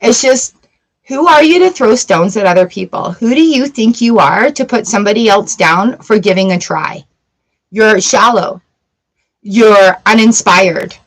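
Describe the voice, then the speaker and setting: A middle-aged woman hosts a live tarot stream in a loose, chatty way, often breaking into giggles. Her voice sits at an ordinary middle pitch for a woman. She talks straight to her viewers as she reads out the cards. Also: animated, measured pace, low-quality recording. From Canada. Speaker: tarot reader livestream host.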